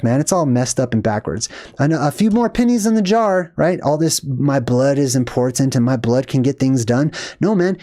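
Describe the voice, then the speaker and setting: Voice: mid-range voice, mellow. A commentator in their forties giving a casual, ranting movie commentary with emphatic opinions. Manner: ranting, emphatic, laughing asides.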